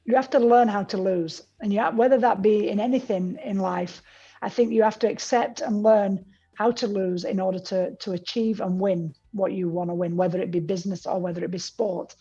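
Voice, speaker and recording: A woman's voice: medium pitch, steady tone, brisk, warm tone, husky, muffled recording. A woman with a Scottish accent, a guest commentator talking in a thoughtful, encouraging way. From Scotland.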